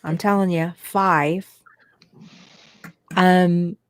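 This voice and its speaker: A woman's voice: on the low side, fairly even intonation, very slow, no room sound, clean studio sound. A woman with a Southern US accent hosting a podcast, telling a story in a chatty, joking way. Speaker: podcast host. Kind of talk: casual chat.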